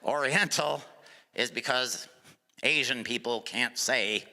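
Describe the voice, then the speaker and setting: A middle-aged male stand-up comedian performing a live set, sarcastic, sometimes dropping to a low mutter for asides. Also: takes it slowly, pushed and bright. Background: audience laughter.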